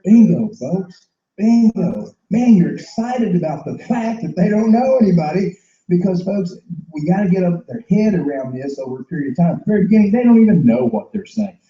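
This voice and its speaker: Guy with a real dark mellow voice doing a sales training talk, repeats himself for punch, echoey dull recording. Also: sits high, animated, fairly quick. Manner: emphatic and repetitive, acting out sales dialogues.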